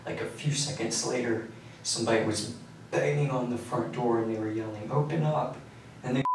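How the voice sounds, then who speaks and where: A young man in his twenties, an inmate recounting events in a flat, matter-of-fact way during a prison interview. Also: lowish voice. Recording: very echoey room, distant mic, faint hum.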